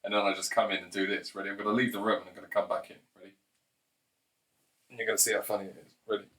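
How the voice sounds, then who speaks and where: A man with a bright, forward voice talks in a crude, rambling comic monologue and keeps urging the listener on. He sounds set back from the microphone. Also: fairly low pitch, level tone, rapid-fire, recorded from a distance. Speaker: comedian.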